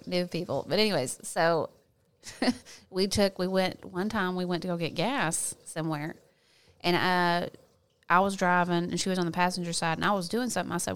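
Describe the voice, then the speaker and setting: A Southern woman with a lowish, smooth and resonant voice chats casually on a podcast. She tells stories in plain, colloquial words and laughs often. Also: a little fast, fairly bright tone. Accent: Southern American. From American South. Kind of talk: casual chat.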